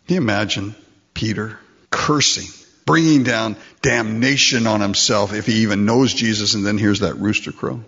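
A man preaching a sermon, animated and acting out the voices in the story. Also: on the low side, moderate pace, gravelly, slightly rough. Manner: animated, acts out voices in quotes. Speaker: pastor. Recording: dull lo-fi recording.

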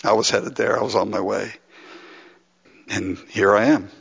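A man's voice: on the low side, little pitch movement, moderate pace, vocal fry, a bit bright, breathy edge. A man from Los Angeles preaching a sermon as a pastor, acting out prayers and chuckling often. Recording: lo-fi with long hall reverb.

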